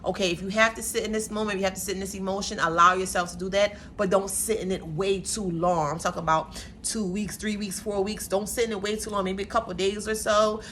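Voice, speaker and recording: A woman's voice: mid-range voice, steady tone, fast talker, fairly bright tone, slight background noise. A woman giving a casual tarot reading on her channel, talking in a sassy, chatty way full of playful slang. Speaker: tarot reader. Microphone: camera mic.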